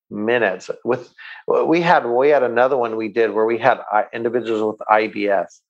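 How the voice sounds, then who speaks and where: Gravelly enthusiastic man telling stories. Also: on the low side, muffled recording. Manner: enthusiastic, repeats words when starting sentences. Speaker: guest. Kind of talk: interview answers, storytelling.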